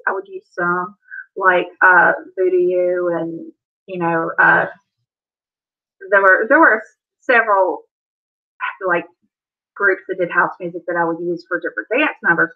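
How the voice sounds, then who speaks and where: A woman's voice: medium pitch, pushed and bright. A woman with a Southern accent hosting a casual livestream, chatty and rambling, talking to viewers by name. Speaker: livestream host. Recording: dull lo-fi stream audio.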